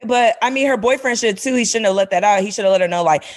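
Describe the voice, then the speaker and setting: Woman co-host, mid-pitched, slangy and opinionated. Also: fast talker. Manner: opinionated, slangy, filler-heavy. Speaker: podcast co-host. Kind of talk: casual advice chat.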